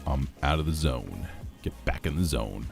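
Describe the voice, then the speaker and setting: A man's voice: very deep voice, animated, moderate pace, creaky, music in the background. A man streaming a game, chatting casually with his chat, laughing easily as he plays.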